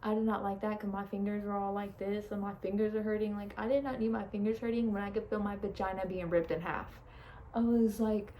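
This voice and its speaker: Young woman, vlogger storytime, mellow tone, blunt and profane, faint noise behind. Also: medium pitch, a little fast, poor audio. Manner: blunt, profane, animated retelling. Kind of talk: casual storytime.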